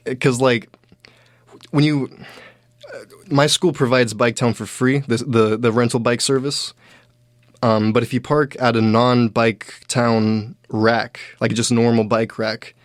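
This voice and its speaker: A man's voice: medium pitch, dry recording, studio quality. Rambling young man telling a story. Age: young adult. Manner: rambling, self-mocking, with many restarts and quick asides. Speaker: host. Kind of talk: casual storytelling monologue.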